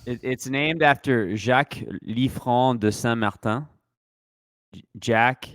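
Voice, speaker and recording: A man's voice: medium pitch, takes it slowly, fairly bright tone, dry recording. A man co-hosting a casual sports podcast, adding playful asides. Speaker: podcast co-host.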